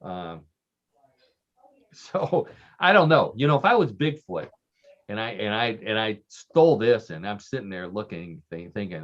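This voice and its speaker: A man with a fairly low, very animated voice talks a little slowly as a regular radio show guest. He tells offbeat stories in casual chat, full of fillers and restarts and laughing at his own jokes, with dull lo-fi radio sound.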